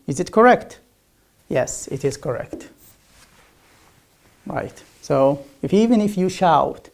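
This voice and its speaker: An English teacher gives a recorded distance-learning lecture. The teacher speaks slowly through a gravelly, creaky voice. Each word is repeated several times and stressed loudly, as in a pronunciation drill. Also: mid-range voice, lively intonation. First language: Arabic. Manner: drills words by repeating them with loud emphasis.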